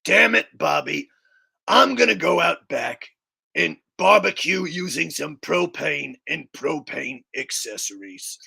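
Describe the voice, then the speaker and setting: A man doing an impression of a stern middle-aged cartoon dad who scolds in gruff fatherly lectures. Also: on the high side, animated, slow, bright, forceful tone, exaggerated voice. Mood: scolding.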